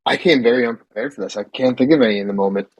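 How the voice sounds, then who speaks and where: A man's voice: mid-range voice, rapid-fire, muffled recording. A man co-hosting a casual podcast chat, tossing out dry, sarcastic remarks. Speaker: podcast co-host.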